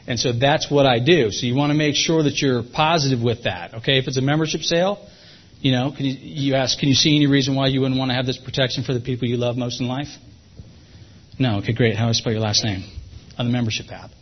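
A man's voice: medium pitch, fairly even intonation, fast talker, highs cut off. A man giving a sales training talk to his team, folksy, repeating points for emphasis.

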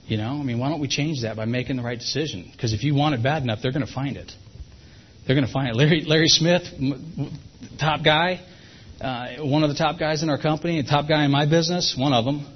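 Fast-talking husky male sales trainer. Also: fairly high pitch, dull audio. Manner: fast, folksy, repeats himself for emphasis.

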